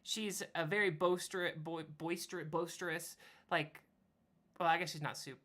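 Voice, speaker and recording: A woman game master describing a tabletop role-play game in a relaxed, rambling way, often searching for words. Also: fairly low pitch, moderate pace.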